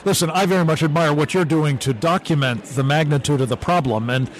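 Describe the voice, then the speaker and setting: A man hosting a radio interview at a convention, speaking deliberately with frequent pauses. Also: a little high, a little hiss or hum. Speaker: radio host. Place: radio row at a political convention.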